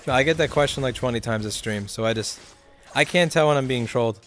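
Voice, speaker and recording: Guy ranting and cussing while he streams a game, kinda high voice that swings all over. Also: expressive, quick pace, a bit bright, soft background music. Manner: swears often, rants in frustration, talks to chat. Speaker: livestreamer playing a video game. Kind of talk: casual live game commentary.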